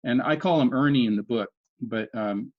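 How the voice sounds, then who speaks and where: A man's voice: mid-range voice, moderate pace. A man in his sixties, a podcast guest, earnestly recounting events step by step in conversational storytelling, often restarting his sentences. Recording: dull lo-fi audio.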